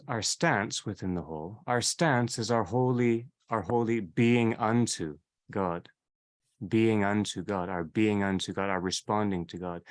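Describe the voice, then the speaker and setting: Man, lowish voice, reflective seminar lecture, repeats phrases. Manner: repeats and rephrases, unhurried. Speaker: seminar leader.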